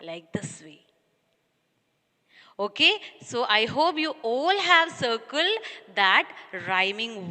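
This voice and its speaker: A woman's voice: high voice, bright, forceful tone, long reverb tail. A woman school teacher with an Indian English accent, reading a poem aloud and explaining it patiently to young children. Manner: patient, speaks to children as "dears". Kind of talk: online class lesson, reading a poem aloud.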